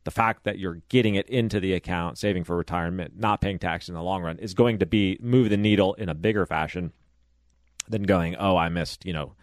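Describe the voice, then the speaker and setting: Deep guy calmly walking through money stuff, dry close mic. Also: dry recording. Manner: measured, explanatory. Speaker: podcast co-host, finance advisor. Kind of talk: casual finance podcast chat.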